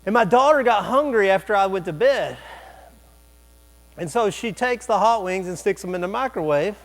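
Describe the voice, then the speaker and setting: High-voiced pastor telling a funny story. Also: male voice. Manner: animated, humorous storytelling with quick asides. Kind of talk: sermon storytelling. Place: church sanctuary.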